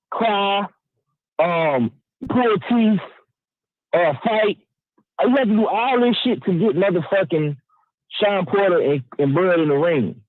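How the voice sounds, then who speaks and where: High-voiced guy calling in, heated and cussing, lots of stammered restarts, thin phone-line sound. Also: no echo. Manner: emphatic, profane, stammering restarts, keeps asking "you know what I'm saying". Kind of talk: heated opinion rant. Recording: dry tinny phone line.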